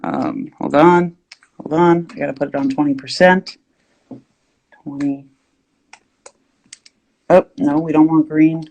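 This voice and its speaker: A woman's voice: low-pitched, fairly even intonation, slow pace, vocal fry, long pauses, a little mellow. A woman vlogger telling a rambling, exaggerated story while she draws.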